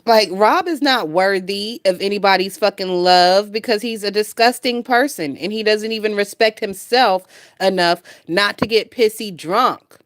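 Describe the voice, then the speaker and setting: A woman's voice: mid-range voice, moderate pace, no echo, clean studio sound. A woman hosting a gossip channel, talking bluntly and with lots of swearing and laughter. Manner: blunt, profane, laughs often. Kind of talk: casual commentary.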